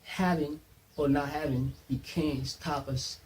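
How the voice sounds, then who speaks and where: A man, a tutor, thanking his viewers in a casual, warm way and calling them "man" again and again. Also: on the high side, fairly even intonation, takes it slowly, a little hiss or hum, low-quality recording. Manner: warm, repeats "man" constantly. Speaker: online maths tutor.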